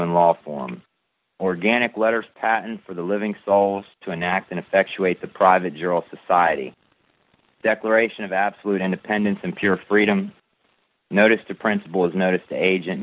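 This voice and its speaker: A man reading a long formal declaration aloud in a measured, deliberate recitation, then answering a caller's questions. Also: sits low. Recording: tinny phone-line radio audio.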